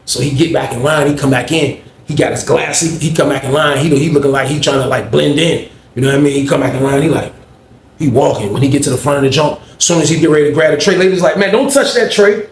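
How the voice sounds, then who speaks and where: A man's voice: medium pitch, steady tone, quick pace, a little hiss or hum. A man casually telling a story to viewers in a slangy, rambling way, often addressing them as y'all. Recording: roomy echo, faint ambience.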